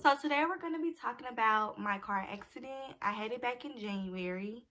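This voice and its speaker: A woman's voice: a little high, fairly quick, pushed and bright. A young woman telling a personal story to her viewers in a casual, chatty way. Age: young adult. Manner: chatty, addresses viewers directly as y'all. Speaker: vlogger.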